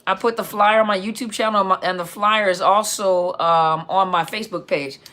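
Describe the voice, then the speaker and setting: A woman's voice: steady tone, fairly bright tone. A woman hosting a live Q&A stream, chatting casually and reading out viewer comments in an upbeat, chatty way. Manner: upbeat, chatty, reads out viewer comments with quick pitch jumps.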